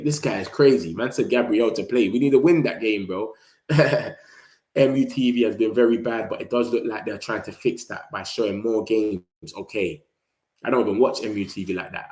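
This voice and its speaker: A reverberant recording catches a young man with a London accent, his voice fairly low in pitch and darkish, hosting a football fan channel. He talks football with his live audience in a loose, slangy way, now and again imitating rival fans.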